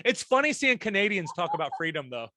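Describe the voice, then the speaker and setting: A man's voice: high-pitched, very animated, fast, pushed and bright, no echo. A young man co-hosting a casual podcast, joking around in crude slang and reading news aloud. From United States. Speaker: co-host.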